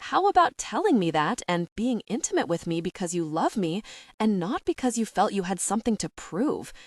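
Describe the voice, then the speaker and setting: Woman doing a hurt young girlfriend, teary and accusing, lively swoopy pitch. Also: moderate pace, dry recording, clean studio sound. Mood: tearful. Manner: tearful, accusing.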